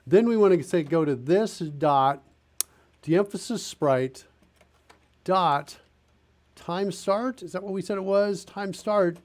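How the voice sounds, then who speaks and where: Speaking slowly and pausing often, a man with a high, darkish voice streams a live coding session. He narrates casually, thinking aloud over his typing and revising what he says.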